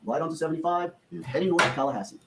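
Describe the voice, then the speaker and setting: A man delivering a prosecutor's opening statement in court, laying out evidence to a jury and briskly acting out the quoted dialogue. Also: on the high side, gravelly, very noisy.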